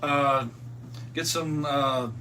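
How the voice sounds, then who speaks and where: A man's voice: on the high side, fairly even intonation, drawn-out words, bright, forceful tone. A man co-hosting a casual cooking stream, explaining the recipe in an easygoing way. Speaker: home cook, co-host. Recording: slightly distant mic with faint hum.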